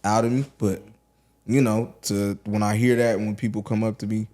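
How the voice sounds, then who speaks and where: A man in his thirties from Atlanta, a rapper guest telling stories in a relaxed podcast chat, full of "like" and "you know what I'm saying". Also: on the low side, moderate pace. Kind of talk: casual podcast conversation.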